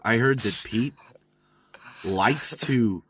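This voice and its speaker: A man chatting casually, telling things in a slow, playful way. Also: medium pitch, fairly bright tone. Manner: slow, playful storytelling with comic voices. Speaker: community member. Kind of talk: casual chat.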